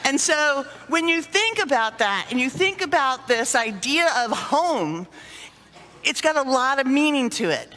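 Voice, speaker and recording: A middle-aged woman speaking to a conference audience, telling lively stories and acting out sighs and little scenes. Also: high-pitched, measured pace. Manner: animated storyteller, acts out sighs and little scenes. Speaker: conference speaker on dementia care. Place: conference hall. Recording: long reverb of a hall.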